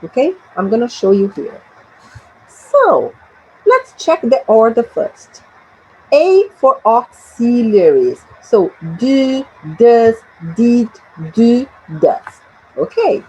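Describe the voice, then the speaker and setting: A woman's voice: a little high, sing-song, slow, darkish tone, husky, highs cut off. A Brazilian woman with a Portuguese accent teaching an English grammar lesson, drilling short phrases for students to repeat.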